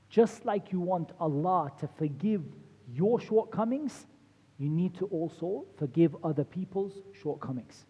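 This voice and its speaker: A man's voice: high voice, lively intonation, measured pace, husky, in a large hall, highs cut off. A man giving a conversational religious lecture on marriage, acting out quoted spouses as he goes. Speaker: Islamic lecturer.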